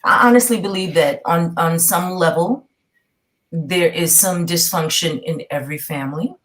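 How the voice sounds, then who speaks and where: Middle-aged New York woman, lower voice, emphatic storyteller in a casual chat. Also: normal speed, a bit bright. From New York, with Southern roots. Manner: emphatic storyteller, rhetorical "okay?". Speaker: guest.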